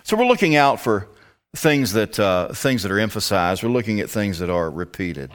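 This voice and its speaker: A man's voice: on the low side, sing-song, normal speed. A man teaching a Bible study, emphatic and prone to rhetorical questions.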